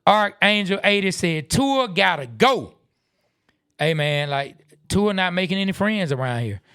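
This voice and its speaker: A man's voice: sits high, moderate pace, fairly bright tone, clear, resonant tone, no echo, studio quality. Laid-back man reading viewer comments. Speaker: podcast co-host. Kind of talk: casual live-stream chat reading comments.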